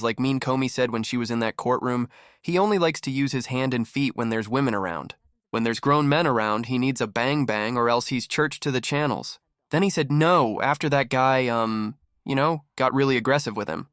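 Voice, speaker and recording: A man's voice: mid-range voice, moderate pace, no echo. Mocking male commentary host, dry sound. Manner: mocking, animated, acts out quotes. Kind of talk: reactive commentary.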